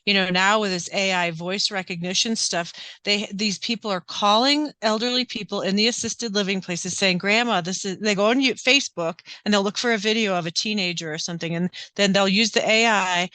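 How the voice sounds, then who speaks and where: A woman author, a guest on a podcast, telling stories in an animated, quick, casual way. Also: mid-range voice, dry recording. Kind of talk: casual interview chat.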